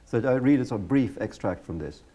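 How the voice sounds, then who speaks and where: Mellow-voiced male interviewer. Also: medium pitch, expressive, fairly quick. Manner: attentive, frequent brief assents. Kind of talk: conversational interview. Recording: 1986 archival recording with faint noise.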